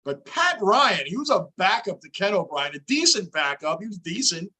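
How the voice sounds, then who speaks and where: A man's voice: high voice, very animated, normal speed, sharp tone, breathy edge. A middle-aged man hosting a fan livestream, chatting casually and reading viewer comments aloud as he reacts to the game. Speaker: livestream host.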